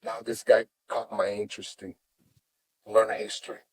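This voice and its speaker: Animated man in broken English. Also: lowish voice, normal speed, breathy edge, dry recording. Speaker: jiu-jitsu master, guest. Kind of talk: storytelling in conversation.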